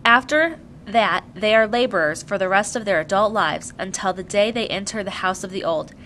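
A woman's voice: mid-range voice, moderate pace, a little hiss or hum, lightly acted. A woman voicing a firm, stern mother in an audiobook reading. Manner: firm, sharp.

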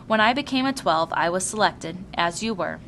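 A woman voicing a weary old man who is gentle and burdened, speaking in a slow, grave and measured way. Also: medium pitch, expressive, a little hiss or hum.

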